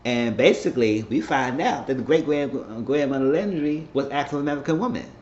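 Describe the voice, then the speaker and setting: A man's voice: mid-range voice, animated, moderate pace, a little mellow, slight background noise. A man casually recapping a TV episode, rambling with loose slang and some profanity. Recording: roomy, slightly muffled home recording.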